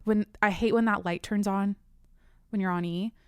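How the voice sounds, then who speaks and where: A young woman rants into a desk microphone, her voice smooth and clear, the sound dry and close. She vents in a loose, profane podcast monologue, full of restarts and tangents. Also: mid-range voice, moderate pace, dry recording. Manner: animated, profane venting with frequent restarts. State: slightly out of breath. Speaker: podcast host. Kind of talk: casual ranting monologue. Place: home studio at her desk.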